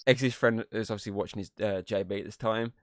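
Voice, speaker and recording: A man with a lowish voice talks through a movie's plot on a podcast. He swears casually and slips into voices to act out scenes. The sound is close and dry, with no room around it. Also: steady tone, quick pace, dry recording. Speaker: podcast co-host. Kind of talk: casual movie review chat.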